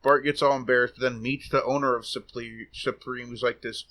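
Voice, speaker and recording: A man's voice: medium pitch, level tone, fairly quick, sharp tone. A man co-hosting a podcast, casually telling a funny story with swearing and laughter. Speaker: podcast co-host. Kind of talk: casual chat.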